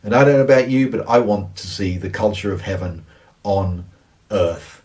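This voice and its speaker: A man's voice: on the low side, normal speed, a little mellow, recorded from a distance. A man giving a recorded teaching presentation on church and organizational culture, earnest and emphatic, repeating his key phrases. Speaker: church leadership speaker.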